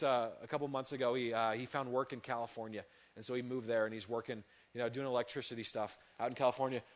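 A young man, a youth pastor, telling a story in an earnest, conversational sermon with many fillers and restarts. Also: medium pitch. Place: church hall.

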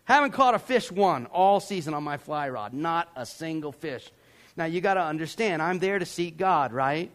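A man from Georgia, preaching a sermon as a pastor, telling a story with animated acted-out voices. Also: fairly high pitch, normal speed. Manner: animated, acts out voices and yells for effect.

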